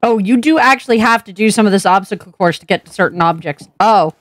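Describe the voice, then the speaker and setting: A woman's voice: medium pitch, quick pace, dry recording. A woman hosting her gaming channel, chatting casually and teasing her co-player while they play. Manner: teasing, upbeat, laughs often. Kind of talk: casual co-op gameplay chat.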